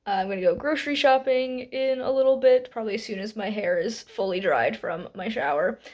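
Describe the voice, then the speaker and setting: A young woman in her twenties vlogging from home about her reading, chatty and upbeat, with little laughs and quick asides. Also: on the high side. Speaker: book vlogger. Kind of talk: casual reading vlog. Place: at home, indoors.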